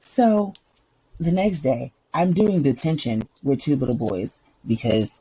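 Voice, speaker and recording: A woman co-hosting a podcast in casual chat, an animated storyteller who laughs often and breaks into song. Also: deep voice, measured pace, dull audio, slight background noise. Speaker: podcast co-host.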